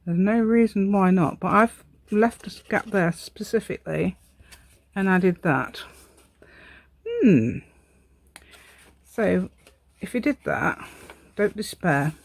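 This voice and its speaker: A woman's voice: mid-range voice, slow pace, vocal fry, long pauses, dry recording. A woman hosting a casual crafting tutorial, chatting and rambling as she works. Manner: chatty, rambling, self-deprecating with frequent laughs. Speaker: crafting channel host.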